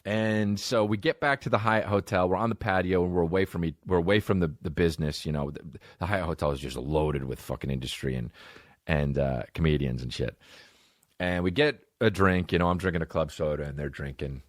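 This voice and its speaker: A man's voice: low voice, a little fast, no echo, studio quality. A man telling a story in a loose, profane way and acting out what other people said. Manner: animated, profane, acts out other people's lines. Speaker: comedian. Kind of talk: storytelling chat.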